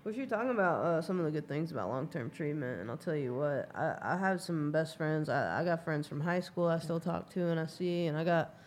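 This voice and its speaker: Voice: medium pitch, lively intonation, brisk, few pauses. A speaker in a casual chat who talks in a reflective, candid way about personal growth.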